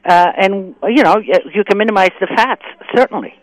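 Thoughtful woman chef co-host, halting delivery, dry close studio sound. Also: mid-range voice, dry recording, poor audio. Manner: thoughtful, halting, many fillers. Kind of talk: radio call-in show.

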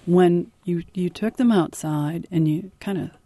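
A woman's voice: fairly low pitch, measured pace, dark tone, no room sound. A woman hosting an afternoon radio call-in show, friendly and conversational with her guests. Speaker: radio host. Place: radio studio.

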